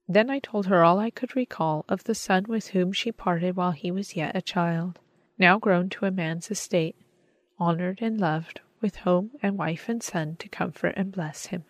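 A woman reads an audiobook in a measured, gentle way. Her voice sits on the low side for a woman. The recording is close and very dry, with no room sound. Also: no room sound. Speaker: audiobook narrator. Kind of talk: audiobook reading.

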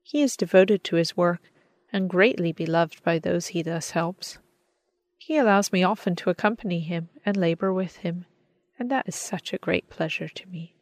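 A woman reading aloud voices a serene, loving elderly mother speaking from the afterlife, gentle and tender. Her voice sits low for a woman, and the sound is close and dry. It comes across as a plain audiobook reading rather than a put-on voice. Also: moderate pace, no room sound, lightly acted.

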